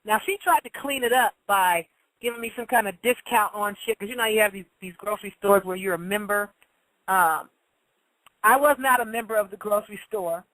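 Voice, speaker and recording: A woman's voice: mid-range voice, brisk, a bit bright, no echo, rough recording. Woman, casual monologue host, blunt storyteller, acts out quotes, dry room.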